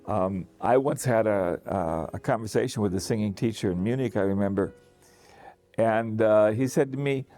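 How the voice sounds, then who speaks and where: Male voice teacher, mid pitch, relaxed explaining voice with faint music underneath. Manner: relaxed, thinking aloud with restarts and sung demonstrations. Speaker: singing teacher. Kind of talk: explaining to camera.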